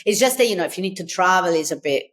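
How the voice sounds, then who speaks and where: A woman from Italy with an Italian accent, speaking as a podcast guest in a candid, expressive way. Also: lowish voice, very fast. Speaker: guest, design consultant. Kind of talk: podcast conversation.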